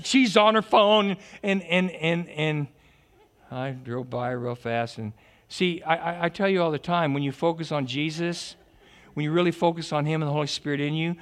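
A man preaching a lively sermon, joking, stammering and restarting his sentences. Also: fairly high pitch. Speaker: pastor.

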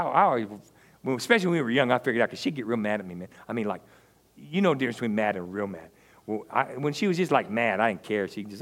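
A middle-aged man, a pastor preaching and telling humorous personal stories. He swings between loud preaching and hushed, confiding asides. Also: medium pitch. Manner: humorous storyteller. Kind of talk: sermon with personal storytelling.

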